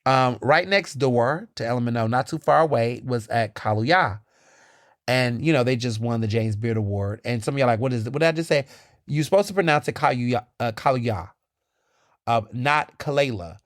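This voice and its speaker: A man hosting his own podcast, chatting casually and animatedly, telling stories with lively, high-pitched quoted asides. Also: moderate pace, no room sound, studio quality. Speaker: podcast host. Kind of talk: casual solo chat.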